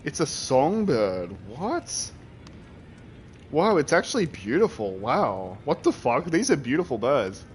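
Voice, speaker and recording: A man's voice: medium pitch, very animated, slow, slight background noise. A young man chatting casually while streaming a video game, rambling and reacting to his chat with laughter and the odd swear.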